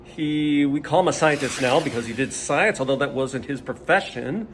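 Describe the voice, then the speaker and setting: A jokey man teaching a casual video lesson, fairly high voice, light background noise. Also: normal speed. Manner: jokey and rambling, many fillers.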